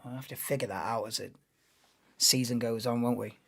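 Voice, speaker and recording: A man's voice: medium pitch, steady tone, a little fast, vocal fry, breathy edge. A man doing casual live race commentary on a stream, chatting and thinking aloud between calls of the action.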